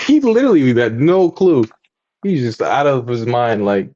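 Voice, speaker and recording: A podcast co-host in his thirties tells stories in casual chat, animated and acting out quotes in high voices. He talks at a measured pace, and the sound is lo-fi.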